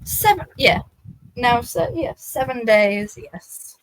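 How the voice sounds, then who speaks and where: A woman's voice: a little high, lively intonation, slow pace, dry recording, rough recording. A young woman, a podcast guest, giggly and unsure as she thinks aloud through quiz questions. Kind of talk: casual podcast chat.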